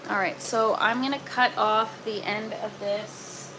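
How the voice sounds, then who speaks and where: A woman's voice: medium pitch, unhurried. A woman chatting casually to viewers on a live stream from her indoor grow tent, groaning and exasperated. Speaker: gardening livestreamer. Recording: noticeable steady background noise.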